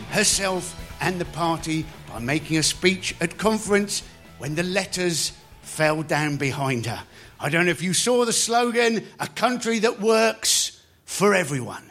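High-pitched man, comedy host, stand-up monologue, chatty, leans on "isn't it?". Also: a bit bright. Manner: chatty, keeps asking "isn't it?". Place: stage before a live audience.

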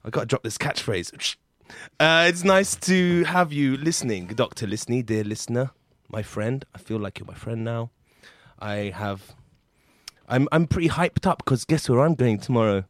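A man hosts a casual comedy podcast, playful and jokey, now and then jumping into loud silly bits. His voice sits at a middle pitch. The sound is close and dry with no room echo. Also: normal speed. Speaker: podcast host. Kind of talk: casual improv comedy chat.

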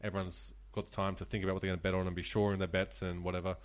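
A man's voice: low-pitched, flat delivery, rapid-fire. A young man with an Australian accent, a former casino dealer, telling stories in casual chat, laughing and swearing freely.

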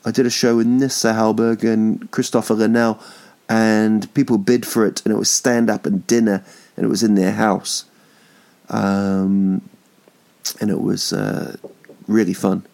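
A man in his thirties talks at an unhurried, drawn-out pace, his fairly low voice breaking into a gravelly fry. He hosts a podcast from home in a loose, jokey monologue, swearing now and then and restarting his sentences. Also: flat delivery, a little mellow. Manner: rambling, jokey, swearing, many ums and restarts. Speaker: podcast host. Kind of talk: casual comedic monologue.

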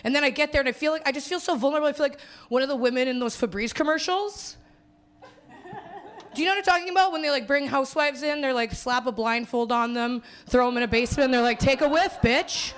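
She's a young Canadian comedian from Winnipeg, hungover and performing stand-up live in a small theater. Her high-pitched voice is fast, clear and resonant, and she rambles self-mockingly, laughing as she talks.

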